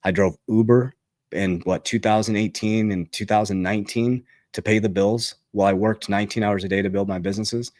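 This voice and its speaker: A man hosting an investing channel talks in a lowish voice that is recorded dry and close. He is emphatic and repetitive, keeps asking "okay?", and gets fired up as his pitch jumps on the big lines. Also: fairly even intonation, fairly quick, darkish tone, no room sound. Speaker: crypto and investing channel host. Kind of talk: motivational finance talk to camera.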